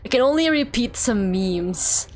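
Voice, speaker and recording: A woman's voice: fairly high pitch, animated, unhurried, a little hiss or hum. A young woman from Russia streaming a game, talking casually and chattily with lots of fillers and frequent laughter. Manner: chatty, rambling, filler-heavy, laughs often. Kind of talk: casual gameplay chat.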